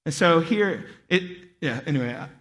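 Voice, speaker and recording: A man giving a sermon as a pastor, telling stories in a lively way and acting out voices. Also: fairly high pitch, moderate pace, big-room sound. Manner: animated storytelling, acts out voices. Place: church hall.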